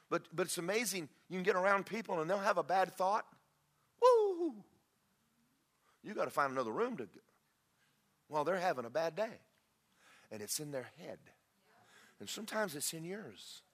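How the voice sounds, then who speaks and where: A man's voice: fairly high pitch, fairly bright tone. A middle-aged man preaching a sermon. He tells folksy stories and rises into fervent prayer. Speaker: pastor.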